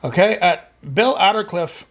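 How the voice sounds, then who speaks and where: A man's voice: high-pitched, unhurried, fairly bright tone. A middle-aged man hosting a music reaction channel, chatting loosely as he reads out viewer comments, rambling and full of fillers. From Canada. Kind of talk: casual chat reading viewer comments.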